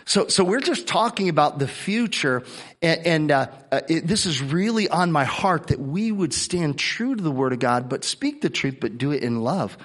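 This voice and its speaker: A man's voice: on the high side, very animated, normal speed, fairly bright tone. A middle-aged man pastor preaching a sermon, earnest, often repeating words and coughing between phrases.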